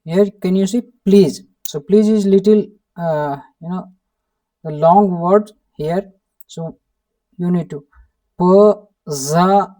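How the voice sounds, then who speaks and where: In an online lesson, a language teacher from India speaks Indian English at a slow pace, her medium-pitched voice steady and warm, picked up by a distant mic. She repeats each word over and over and nudges learners with a questioning "hmm?".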